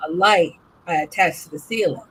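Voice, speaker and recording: A woman hosting a casual chat, telling stories animatedly with loud, cursing rants. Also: fairly low pitch, moderate pace, a little hiss or hum, poor audio. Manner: animated storyteller, curses herself out in loud acted rants. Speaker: host.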